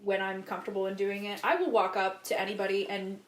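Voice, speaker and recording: A woman's voice: medium pitch, level tone, quick pace. A woman hosting a podcast, chatting casually in a blunt, exaggerating way and often laughing. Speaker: podcast host. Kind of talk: casual chat. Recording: roomy echo.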